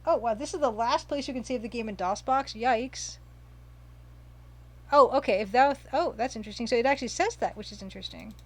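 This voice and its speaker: A woman's voice: on the high side, lively intonation, fast, hardly any pauses, darkish tone. A woman casually commenting while streaming a retro game, chatting, reading viewer comments aloud and gushing over the pixel art.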